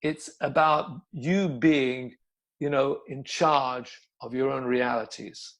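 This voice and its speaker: A man's voice: medium pitch, fairly even intonation, slow pace, low-quality recording. An older man, a yoga teacher, telling stories bluntly in a casual interview, swearing and repeating words.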